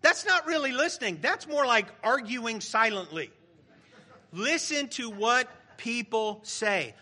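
High, bright-voiced man preaching. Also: expressive, measured pace. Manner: conversational, joking with the congregation. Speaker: pastor. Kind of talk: sermon.

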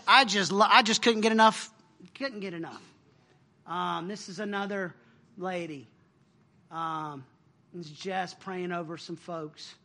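A middle-aged man giving an informal, animated sermon about a mission trip, laughing often and using casual slang. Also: high voice. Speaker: speaker sharing a mission trip story.

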